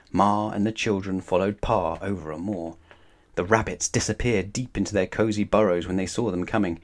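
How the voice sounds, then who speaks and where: A man reading a children's bedtime story aloud in a calm, measured way. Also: on the low side.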